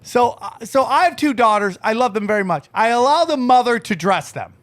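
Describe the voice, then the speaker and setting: A man's voice: extremely high pitch, brisk. A man hosting a podcast in casual comedic chat, telling rambling, profane stories. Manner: animated storytelling with put-on voices. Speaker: podcast host.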